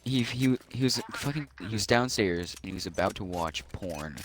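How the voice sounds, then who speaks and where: A man's voice: lowish voice, animated, moderate pace, a little hiss or hum. A man co-hosting a podcast, chatting casually and telling rambling stories, swearing freely. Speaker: podcast co-host. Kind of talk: casual chat.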